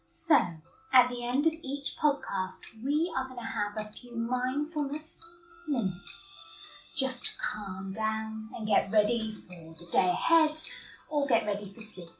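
Hushed woman guiding mindfulness. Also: fairly high pitch, unhurried, faint music behind. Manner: hushed, calming. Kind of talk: soft-spoken guided mindfulness.

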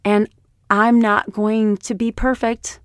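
Hoarse woman podcaster, raw and heartfelt. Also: medium pitch, little pitch movement, takes it slowly, dry recording, clean studio sound. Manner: raw, emotional, blunt and heartfelt. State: hoarse from illness. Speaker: podcast host. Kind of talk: personal podcast monologue.

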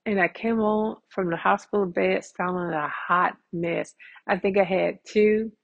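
A woman's voice: medium pitch, steady tone, a little slow, vocal fry, dull audio. A woman hosting a casual solo podcast from home, chatty and talking straight to her listeners as "y'all.". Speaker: podcast host.

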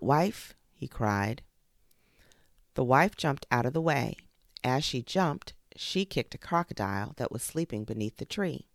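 A podcast host reading a children's fable aloud, expressive and with spoken sound effects. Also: mid-range voice, no echo, studio quality. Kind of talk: storybook narration for children.

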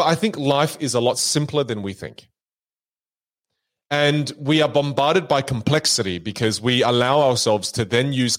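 A man, a magician and keynote speaker, chatting casually on a podcast and telling stories with lots of energy. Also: medium pitch. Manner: animated storyteller, repeats words when excited.

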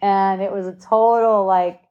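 A woman's voice: mid-range voice, fairly even intonation, unhurried, dull audio. A woman in her late forties telling a personal story in casual conversation, candid, laughing often and swearing freely. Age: 40s. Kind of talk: casual chat.

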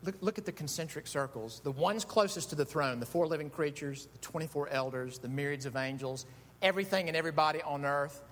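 A middle-aged man preaching a sermon, telling stories with animated delivery that swings from quiet asides to loud shouts. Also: a little fast. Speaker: pastor. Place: church sanctuary. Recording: echoey hall with faint rumble.

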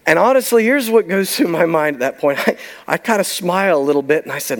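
A man's voice: fairly high pitch, fairly quick. A man preaching a sermon, telling a story with emphasis and letting key lines trail off to a near-whisper. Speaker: pastor.

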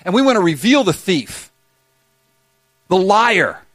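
A man preaching a sermon as pastor, urging his hearers loudly and then dropping to hushed, intense appeals. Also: high voice, very animated, slow pace, no echo. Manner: impassioned, swings between loud urging and hushed intensity.

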